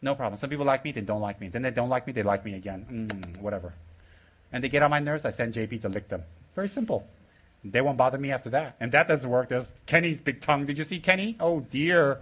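A man's voice: mid-range voice, fast talker, fairly bright tone. A middle-aged man giving an informal Dharma talk as a Buddhist teacher, teasing and jokey in blunt short phrases.

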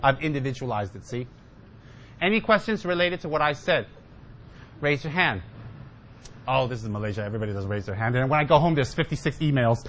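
A man's voice: medium pitch, lively intonation, fairly quick, pauses often, a bit bright, a little hiss or hum. A man giving a humorous Dharma talk as a Buddhist teacher, joking with and teasing his listeners and mimicking his students.

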